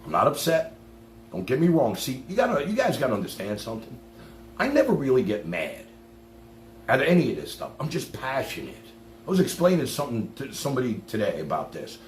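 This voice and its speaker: A man ranting on his live stream, profane and passionate, swinging from loud outbursts to low mutters. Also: huge pitch swings, a little fast, echoey room, a little hiss or hum.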